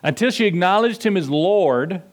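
A man's voice: high-pitched, expressive, moderate pace. A middle-aged male pastor preaching a sermon in a conversational way, acting out voices in his stories.

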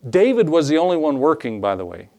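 A pastor delivers a sermon in a man's voice pitched a little above the usual. He talks to the congregation conversationally, throwing out rhetorical questions and acting out short exchanges as he goes. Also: very animated, fast talker, a little mellow. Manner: conversational preaching that acts out dialogues and asks rhetorical questions.

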